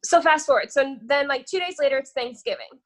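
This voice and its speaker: A woman's voice: high voice, a little fast, a bit bright. A young woman guesting on a podcast, telling a long dating story in a casual, rambling way, cursing freely and tossing in "whatever". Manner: profane, rambling, says "whatever" a lot.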